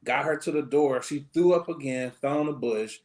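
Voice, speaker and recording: A man's voice: mid-range voice, moderate pace, a little mellow, poor audio. A man hosting a late-night podcast in casual chat, joking and acting out quoted lines in his stories. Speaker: podcast host.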